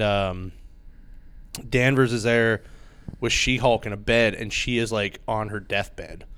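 Male comic podcast host, excited rambling recap, clean resonant voice, dead-dry recording. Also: fairly low pitch, smooth, no room sound. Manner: rambling, filler-heavy, enthusiastic retelling. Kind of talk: casual chat.

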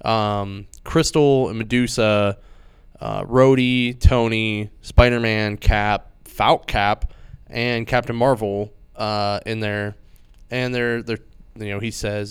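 A man's voice: lowish voice, fairly even intonation, slow pace, clear, resonant tone, no room sound. A man casually and enthusiastically retelling a comic book's story on a chat show, full of "like" and "uh" fillers. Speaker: comic book podcast host.

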